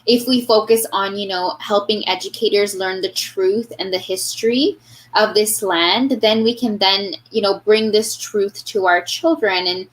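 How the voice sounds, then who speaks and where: A woman with a Canadian accent talks as an interview guest at a mid-range pitch. She speaks earnestly and thoughtfully. She pauses often to search for her words. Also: steady tone, poor audio. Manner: earnest, thoughtful, many fillers and restarts. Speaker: guest, elementary teacher. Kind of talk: reflective interview talk.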